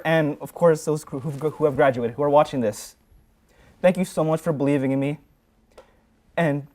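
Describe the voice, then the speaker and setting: A young man with a fairly high, darkish-toned voice, a graduating student appearing on a sports show, gives a heartfelt farewell. It's sincere but rambling and full of fillers.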